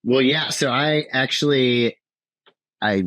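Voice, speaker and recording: A man in his thirties with a Minnesota accent tells his story as a podcast guest. His mid-range voice is relaxed and casual, with a few fillers along the way. The recording is dry and close. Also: mid-range voice, slow, no room sound, low-quality recording. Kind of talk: interview storytelling.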